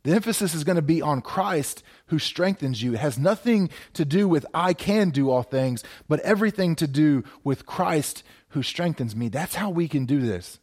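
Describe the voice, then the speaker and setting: A man's voice: fairly high pitch, animated, normal speed, few pauses, darkish tone, husky. A man preaching a sermon as a pastor, exhorting with repeated phrases and frequent stammered restarts, addressing viewers at home. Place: speaking to a camera for viewers at home.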